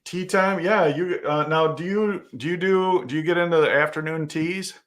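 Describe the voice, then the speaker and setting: A man's voice: a little high, moderate pace, fairly bright tone. A man hosting a casual chat show in an easygoing way, laughing often and restarting his sentences. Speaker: host.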